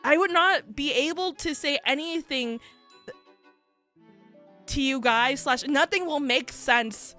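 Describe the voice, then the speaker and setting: A woman's voice: high-pitched, takes it slowly, pauses often, pushed and bright, faint music behind. A young adult woman streaming a casual chat, telling rambling stories full of fillers like "like" and laughing often. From United States. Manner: rambling storytelling with many fillers and frequent laughter. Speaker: VTuber streamer.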